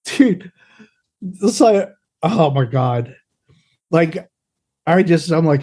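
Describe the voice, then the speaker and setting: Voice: medium pitch, slow pace, pauses often. A podcast co-host in casual chat, telling stories with plenty of profanity. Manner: profane, animated storyteller.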